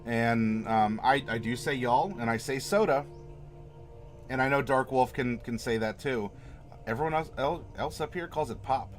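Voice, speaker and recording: A man's voice: medium pitch, moderate pace, faint music behind. A man hosting a casual livestream, chatting with viewers in a rambling, friendly way and laughing often. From Florida. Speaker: livestream host. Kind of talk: casual livestream chat reading viewer comments.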